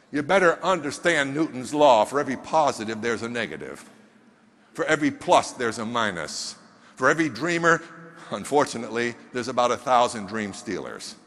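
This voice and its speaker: A man giving an animated motivational speech from a stage, emphatic and firing questions at the audience. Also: fairly high pitch. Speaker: motivational speaker. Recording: long hall reverb on stage.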